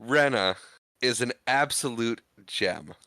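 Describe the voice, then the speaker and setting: A man's voice: mid-range voice, expressive, takes it slowly, pushed and bright, no echo. A man co-hosting a podcast, casually retelling a film's scenes and laughing often. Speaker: podcast co-host. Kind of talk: casual movie recap chat.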